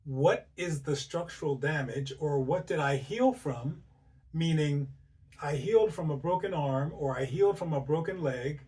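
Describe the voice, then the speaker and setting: A man with a fairly high voice talks through a health topic in an easy, conversational way. He keeps checking in with "right?" and asks lots of rhetorical questions. He sounds a little away from the microphone. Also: darkish tone, far from the mic. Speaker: host. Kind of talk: informal health talk to camera.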